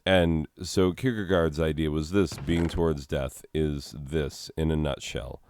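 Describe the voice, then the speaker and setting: A man's voice: rumbling low, fairly even intonation, unhurried, darkish tone, slight background noise. A man, a teacher, musing reflectively in a casual monologue while struggling with grief. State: emotional, grieving.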